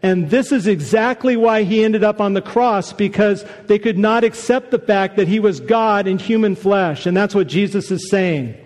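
A man preaching a sermon, conversational and animated, with casual asides to the congregation. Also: high voice, moderate pace, few pauses, in a large hall. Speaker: pastor.

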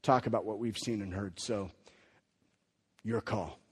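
A man with a husky voice voicing the apostle Peter as bold and defiant in a sermon, with long hall reverb. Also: lowish voice, steady tone, a little slow. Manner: blunt, defiant.

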